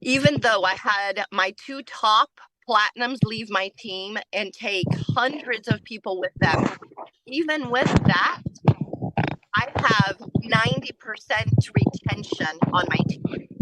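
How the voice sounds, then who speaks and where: A woman's voice: a little high, measured pace, background noise. A woman leading a team training call, talking earnestly and repeating phrases for emphasis, tired from lack of sleep. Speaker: team leader. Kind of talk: motivational team training talk.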